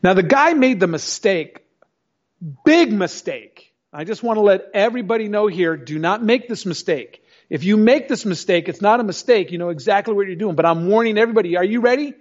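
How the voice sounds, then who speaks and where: A man's voice: high-pitched, quick pace, few pauses. A middle-aged man preaching a sermon, speaking emphatically and telling stories straight to the congregation. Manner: emphatic, storytelling, addresses the congregation directly. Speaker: pastor. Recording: dull lo-fi recording.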